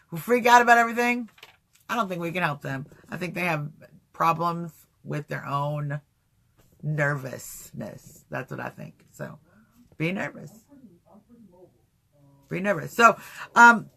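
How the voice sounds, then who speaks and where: A man hosting a casual livestream talk show, rambling and animated, answering chat comments as he goes. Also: sits high. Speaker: livestream host.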